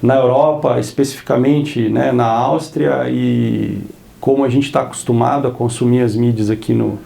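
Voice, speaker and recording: A man with a Brazilian Portuguese accent hosting an interview, his English halting and his Portuguese quick. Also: mid-range voice, steady tone, creaky, dark tone, echoey room. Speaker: interview host. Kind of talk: casual interview chat.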